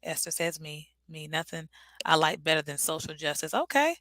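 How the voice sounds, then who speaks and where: A woman's voice: low voice, completely flat delivery, normal speed, pushed and bright, dry recording, poor audio. A woman hosting a casual live stream, chatting directly with her viewers and calling them y'all.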